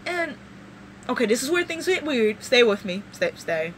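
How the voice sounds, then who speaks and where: A woman vlogger recapping a show in casual, rambling, animated storytelling. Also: fairly high pitch, normal speed, a little hiss or hum.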